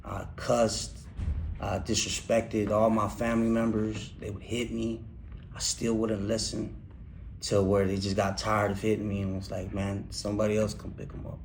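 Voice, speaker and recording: A young man giving candid personal testimony, speaking haltingly with restarts. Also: fairly low pitch, level tone, slight background noise. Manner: halting, restarts, quotes his past talks in a quieter voice. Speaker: interviewee, incarcerated man.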